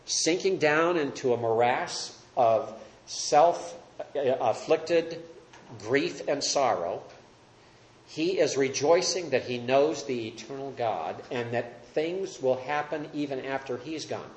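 A man teaching a Bible study class, earnest and emphatic, asking the group questions. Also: medium pitch. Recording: roomy echo.

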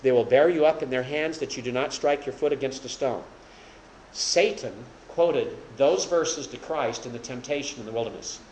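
A man teaches a Bible study to a small group, clarifying each point in plain terms and raising his voice whenever he quotes scripture. He has a slightly mellow mid-range voice at normal speed. The poor recording is reverberant, with a little hiss or hum.

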